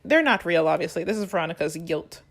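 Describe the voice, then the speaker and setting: A young woman chatting casually on a podcast, retelling a musical's plot with lively quoted lines. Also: on the low side, fast, vocal fry. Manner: animated storytelling, acts out quoted lines. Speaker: podcast co-host. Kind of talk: casual chat recapping a musical.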